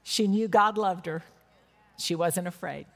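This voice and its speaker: A woman's voice: on the low side, a little slow, creaky. A woman in her sixties preaching a sermon, telling personal stories earnestly with emphatic bursts. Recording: long reverb of a large hall.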